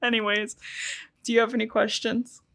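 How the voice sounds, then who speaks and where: A woman's voice: a little high, flat delivery, moderate pace, a bit bright. A woman co-hosting a casual podcast, chatty and swearing freely, with a slight lisp. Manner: chatty, swears, laughs often. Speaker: podcast co-host. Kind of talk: casual chat.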